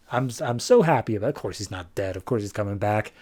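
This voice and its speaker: A young man hosting a podcast, casually recapping comics with animated storytelling. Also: lowish voice, quick pace, hardly any pauses. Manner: animated storytelling, jumping in and out of character voices. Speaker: podcast host.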